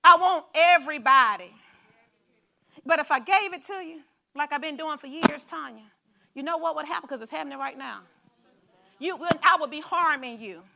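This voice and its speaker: Bright high-voiced woman preaching. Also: normal speed, gravelly. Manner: conversational, animated preaching with asides to the congregation. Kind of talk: sermon.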